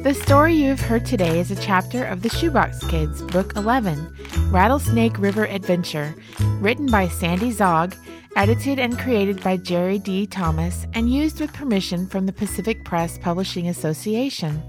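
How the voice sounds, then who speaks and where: A woman reading end credits in a steady, measured way. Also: mid-range voice. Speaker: announcer. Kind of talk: read credits. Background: music.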